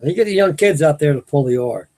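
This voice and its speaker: A man's voice: fairly high pitch, expressive, fast, darkish tone. An older man, rambling folksily as host of a late-night live chat with his viewers. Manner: folksy, meandering, restarts sentences. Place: home at night.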